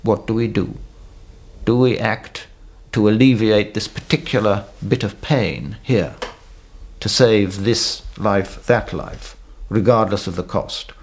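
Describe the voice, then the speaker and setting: A man speaking as a government official in an interview, weighing arguments in a deliberate way. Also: fairly low pitch.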